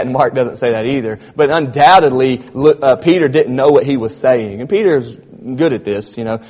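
In a church sanctuary full of long reverb, a pastor with a slightly high, darkish voice preaches to his congregation. He addresses them directly as "church," his emphasis steadily rising.

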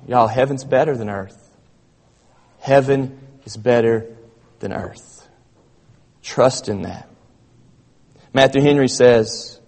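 Here a pastor's darkish, mid-range voice fills the sanctuary, carried by long church reverb. Speaking straight to the congregation and calling them "church," he builds his sermon with growing emphasis.

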